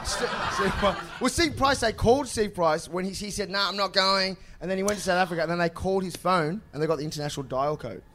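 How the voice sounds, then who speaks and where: A man's voice: high voice, quick pace, hardly any pauses, fairly bright tone, slight background noise. A man chatting casually on a podcast, rambling with lots of "like" and restarts. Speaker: podcast guest.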